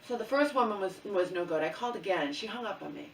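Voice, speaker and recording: A woman's voice: mid-range voice, expressive, fast talker, gravelly, slight background noise. A middle-aged woman vlogger telling an angry personal story with lots of swearing, often asking "okay?" and "you know?". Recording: distant mic in an echoey room.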